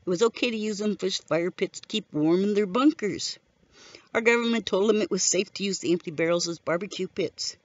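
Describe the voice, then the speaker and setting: A middle-aged widow of medium pitch talks briskly, giving a steady, earnest testimony shaped by grief. It's a dull, lo-fi recording with no room sound.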